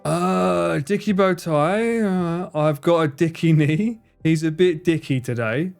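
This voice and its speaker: A man livestreaming a game, excitable, swearing and laughing often as he chats. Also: on the high side, slow pace, gravelly, smooth, faint music behind. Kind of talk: casual gaming livestream chat.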